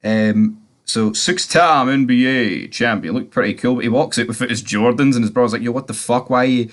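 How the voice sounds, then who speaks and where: A man's voice: medium pitch, moderate pace. A man giving a casual, rambling recap of a TV episode, full of fillers and swearing. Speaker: TV series reviewer.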